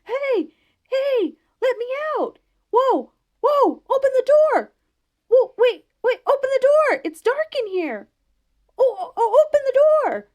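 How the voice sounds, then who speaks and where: A woman's voice: sits high, lively intonation, a little mellow, pitched above the performer's own voice, exaggerated voice. Woman doing a wailing grumpy old ghost. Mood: frantic hollering. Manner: wailing, hollering, drawn-out moans. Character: grumpy old male ghost locked in a tomb.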